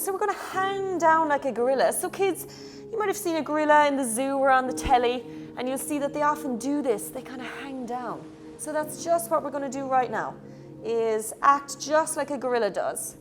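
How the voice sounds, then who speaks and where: The kids at home get playful encouragement from a young Irish woman whose high voice leads them through a children's yoga class.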